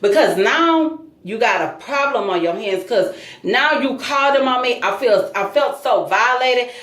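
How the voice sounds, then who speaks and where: A woman vlogger telling a true story to her viewers in a casual, animated, emphatic way. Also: fairly high pitch, a little slow, reverberant.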